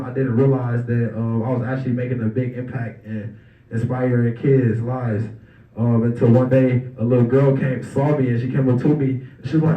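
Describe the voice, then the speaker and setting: A young man speaks to a banquet crowd in a relaxed, conversational way, slipping into the voices of the people in his stories. His mid-range voice sounds distant from the mic and echoes around a large room, with a dull, muffled tone. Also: medium pitch. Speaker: guest speaker at an awards banquet. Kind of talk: casual storytelling speech. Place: banquet hall. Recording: roomy, distant, dull hall recording.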